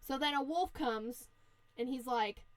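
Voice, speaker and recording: Woman podcast host, high voice, dry close sound, slangy, profane, playful storytelling. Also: unhurried, dry recording. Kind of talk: casual storytelling chat.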